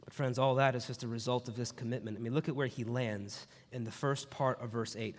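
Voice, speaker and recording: A man's voice: medium pitch, steady tone, brisk, big-room sound. A man preaching a sermon in a conversational way, telling personal stories and asking the congregation rhetorical questions. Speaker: pastor.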